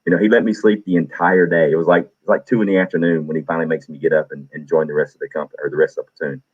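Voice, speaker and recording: Deep husky man telling stories. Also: rapid-fire, narrow, tinny audio. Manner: animated, acts out quoted voices. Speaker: stream host. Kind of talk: casual storytelling.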